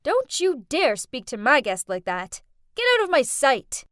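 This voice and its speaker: A woman's voice: huge pitch swings, unhurried, dry recording, clean studio sound, exaggerated voice. A woman playing a snobbish rich mean girl. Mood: haughty. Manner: haughty, shrill when angry.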